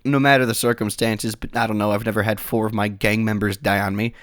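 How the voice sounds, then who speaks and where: A man's voice: on the low side, steady tone, a little fast, hardly any pauses, fairly bright tone, dry recording, studio quality. A young man narrating a crude comedic movie recap, mocking and profane.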